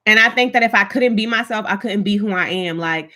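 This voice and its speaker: A woman's voice: mid-range voice, brisk, bright, forceful tone. A chatty woman hosting a casual livestream, talking emphatically and answering viewer comments. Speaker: livestream host. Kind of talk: casual live chat with viewers.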